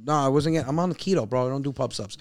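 A man in his forties, a comedian, chatting casually and telling stories with animated acted-out voices and loud emphatic peaks. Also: mid-range voice, rapid-fire. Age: 40s. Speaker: comedian guest. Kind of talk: casual podcast chat.

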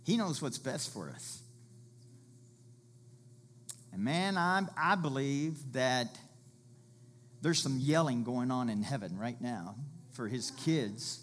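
A man's voice: mid-range voice, animated, takes it slowly. Male pastor, conversational sermon delivery, mid-range voice, bursts of volume. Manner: conversational preaching with illustrations, rises to loud calls.

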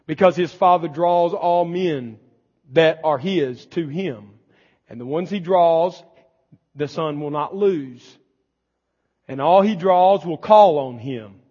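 A man preaching a sermon as pastor, building to shouted emphasis. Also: a little high, takes it slowly. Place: church sanctuary. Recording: long church reverb, dull lo-fi sound.

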